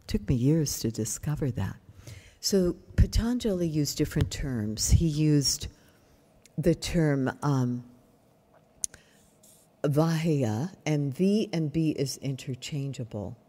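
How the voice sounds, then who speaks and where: Older female yoga teacher, slow and husky, gently explanatory. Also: deep voice. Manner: calm, explanatory, asks the audience questions. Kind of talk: workshop lecture. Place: retreat workshop room.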